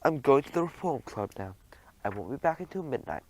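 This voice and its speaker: A man voicing a strict, calm gentleman mouse from a storybook who speaks in a clipped, precise way. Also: mid-range voice, fairly quick, a little hiss or hum, pitched above the performer's own voice, lightly acted, rough recording.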